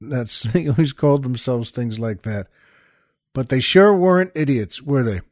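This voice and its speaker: A man's voice: medium pitch, lively intonation, normal speed, darkish tone, no room sound, studio quality. A man hosting a show, telling a joke in a chatty, folksy way with plenty of fillers. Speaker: show host.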